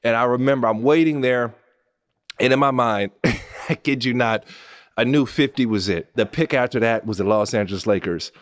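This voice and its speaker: A man in his thirties from Pasadena, hosting a podcast and telling a story animatedly, swinging between hushed asides and excited outbursts. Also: medium pitch, moderate pace. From Pasadena, California. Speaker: podcast host.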